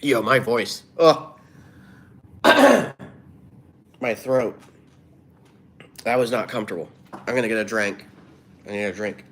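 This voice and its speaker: Low-voiced man chatting on a livestream. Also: steady tone, moderate pace, long pauses, a bit bright, slight background noise. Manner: reads chat comments aloud, rambling and offhand. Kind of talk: casual livestream chat.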